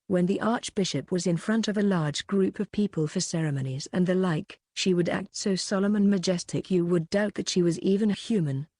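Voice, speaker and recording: A woman narrating an audiobook with a steady, even reading. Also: fairly low pitch, no echo, clean studio sound.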